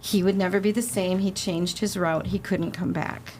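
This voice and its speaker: A woman casually telling a ghost story on a podcast, animated and laughing, acting out the quotes. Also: on the low side, normal speed, slight background noise. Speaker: guest, haunted inn representative.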